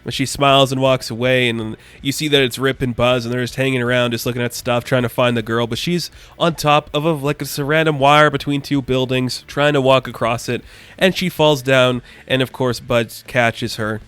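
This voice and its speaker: A man's voice: mid-range voice, steady tone, normal speed, fairly bright tone, clean tone, dry recording. Enthusiastic man rambling through a comic review. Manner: enthusiastic, rambling with many "like" fillers. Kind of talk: casual spoken review.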